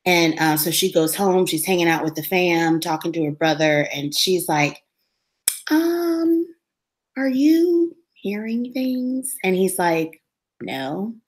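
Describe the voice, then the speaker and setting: A woman co-hosting a casual talk show, retelling a TV episode in an animated way and acting out the characters' lines. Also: low-pitched, normal speed. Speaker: co-host recapping a TV episode. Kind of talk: casual chat.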